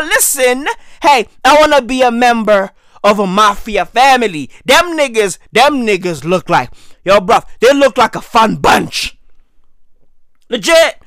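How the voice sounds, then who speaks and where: A hoarse man losing his voice, delivering a loud, slangy comic rant that often breaks into shouting. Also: very high voice, no room sound, studio quality.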